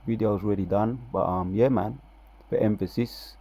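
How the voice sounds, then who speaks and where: A man giving casual religious commentary, reading scripture aloud with loud, drawn-out emphasis between relaxed, slangy asides. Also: lowish voice, creaky, dry recording. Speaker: religious video preacher.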